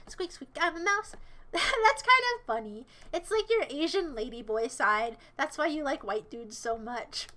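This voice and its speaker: High, lively, bright-voiced woman streamer. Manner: playful, sassy, rambling. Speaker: livestreamer. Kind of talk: casual livestream chat, answering viewers.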